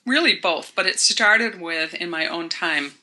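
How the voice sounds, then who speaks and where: This is a middle-aged woman speaking as a parenting mentor in an interview. Her voice is bright and forceful. She speaks earnestly and hesitates now and then, restarting her phrases. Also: lowish voice, unhurried, low-quality recording. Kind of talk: reflective interview talk.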